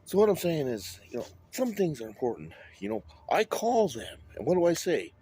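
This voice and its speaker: A man's voice: fairly high pitch, wildly swooping pitch, normal speed, mellow, slightly rough. A man talking in a rambling monologue, drifting between topics and swearing often. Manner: rambling, wandering, with frequent swearing.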